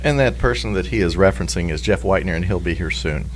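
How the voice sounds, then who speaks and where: A man presenting a comedic basketball talk segment, joking and animated. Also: low-pitched, fast, a little hiss or hum.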